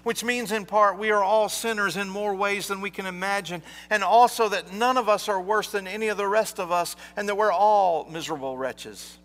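A man preaching a sermon, telling a story slowly with deliberate pauses. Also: sits high, fairly bright tone. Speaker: pastor. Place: church. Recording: long reverb of a large hall.

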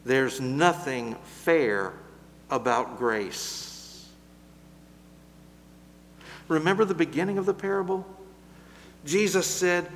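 A man preaching a sermon in a slow, measured way, building louder through lists and then dropping to a soft, gentle close. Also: on the high side, big-room sound, slight background noise.

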